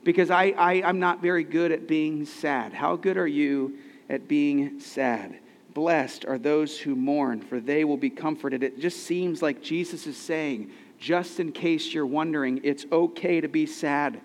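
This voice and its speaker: Male pastor, thirties, slightly high voice, earnest conversational sermon, long hall reverb. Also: a little slow. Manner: conversational, earnest, rhetorical questions.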